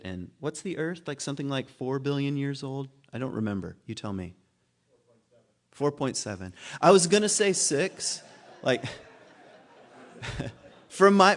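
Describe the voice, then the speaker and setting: Man giving a musing, casual sermon. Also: medium pitch. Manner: conversational and musing, laughs at himself, many restarts. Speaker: guest speaker at a spiritual community. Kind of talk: informal sermon talk.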